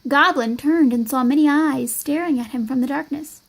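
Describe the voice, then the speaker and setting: A woman reading a children's picture book aloud with expressive, lively storytelling. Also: sits high, moderate pace, low-quality recording. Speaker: storybook reader.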